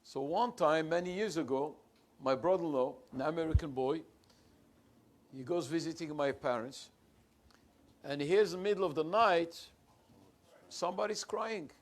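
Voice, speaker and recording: A man's voice: on the high side, normal speed, pauses often. A man preaching as a visiting rabbi in a synagogue. He tells stories animatedly and quotes Hebrew and Aramaic texts, translating them as he goes. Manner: animated storyteller, voice rising and falling. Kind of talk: sermon with storytelling.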